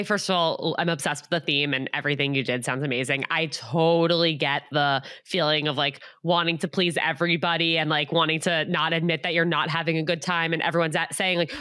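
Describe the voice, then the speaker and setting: A woman's voice: low voice, fairly even intonation, a little fast, hardly any pauses, fairly bright tone, clear, resonant tone, dry recording, clean studio sound. A woman hosting a podcast in casual chat, talking in a chatty way with lots of 'like'. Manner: chatty, uses 'like' a lot. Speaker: podcast host.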